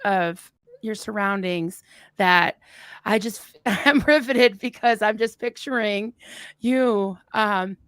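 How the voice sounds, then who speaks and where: A woman's voice: mid-range voice, takes it slowly, fairly bright tone, clear, resonant tone, no echo. A woman hosting a casual live chat, effusive and chatty, laughing often. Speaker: host. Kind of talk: casual conversation.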